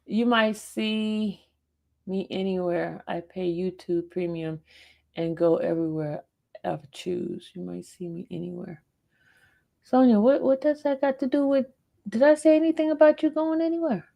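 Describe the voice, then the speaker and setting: A woman's voice: mid-range voice, steady tone, a little slow, creaky, dark tone. A woman hosting a casual livestream, playfully scolding and teasing her chat in a way of speaking. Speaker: livestream host.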